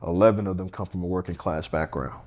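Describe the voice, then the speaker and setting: A man's voice: sits low, steady tone, fast, a little mellow, highs cut off. A man, a candidate speaking earnestly and plainly in a casual interview, often restarting his sentences. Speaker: congressional candidate and firefighter.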